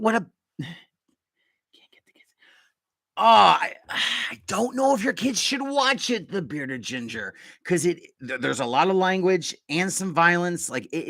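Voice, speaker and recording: A man hosting a live podcast in casual chat, talking in excitable, rambling bursts. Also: high voice, moderate pace, few pauses, no room sound. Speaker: podcast host.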